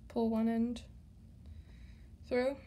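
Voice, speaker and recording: Slightly hoarse woman teaching a craft. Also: on the high side, little pitch movement, extremely slow, warm tone. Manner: chatty, talks to the viewer directly, stumbles over words. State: slightly hoarse, losing her voice. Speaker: craft tutorial host. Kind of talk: step-by-step tutorial instructions.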